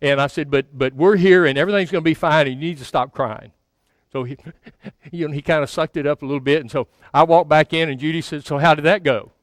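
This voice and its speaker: A man's voice: fairly high pitch, fast talker, no echo. A man in his sixties giving a sermon as a pastor, telling a story in a folksy, self-mocking way, often stammering and repeating words. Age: 60s.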